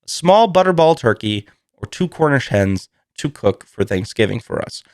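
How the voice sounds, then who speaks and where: A man's voice: mid-range voice, big pitch swings, moderate pace, a little mellow, dry recording, clean studio sound. A man hosting a casual solo podcast, joking and swearing freely and laughing often. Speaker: podcast host.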